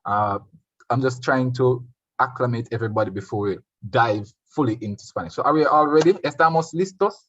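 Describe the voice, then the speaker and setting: A man's voice: medium pitch, a little fast, a bit bright, no echo, lo-fi sound. A man with a Jamaican accent tutoring an online Spanish revision class, switching between English and Spanish and quizzing his students.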